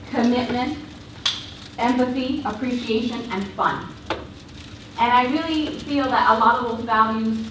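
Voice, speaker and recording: Woman lecturer, earnest and expressive, higher voice, distant mic, faint hiss. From Cuba. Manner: earnest, expressive, warm-hearted speaker. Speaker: university lecturer giving a talk. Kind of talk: public lecture with a recited poem. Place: lecture hall. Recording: roomy hall sound from a distance.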